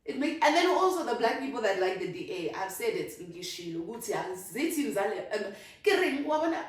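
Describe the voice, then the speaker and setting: South African woman, young, mid-pitched voice, rambling vent, distant mic, heavy room echo. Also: sing-song, brisk. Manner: rambling, switches between languages mid-sentence. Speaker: vlogger. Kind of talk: casual vent to camera.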